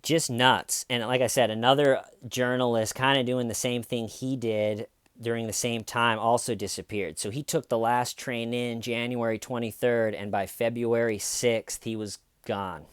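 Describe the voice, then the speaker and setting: A man's voice: medium pitch, steady tone, moderate pace, smooth, no room sound, studio quality. A man hosting a casual true-crime commentary, talking in an indignant, conversational way with lots of fillers and restarts. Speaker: podcast host.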